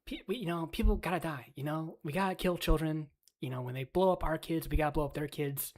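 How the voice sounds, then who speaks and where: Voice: mid-range voice, quick pace, close to an everyday voice. A streamer putting on a mocking impression of a smug male political pundit who talks about war in a preachy, callous way. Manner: preachy, callous, matter-of-fact. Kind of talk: livestream rant.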